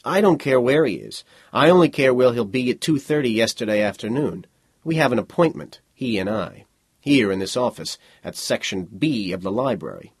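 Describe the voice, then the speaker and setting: A hard, stern librarian who speaks in firm, clipped statements, voiced by a man. His voice is husky and lively in pitch. It is recorded close and dry. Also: normal speed, no room sound.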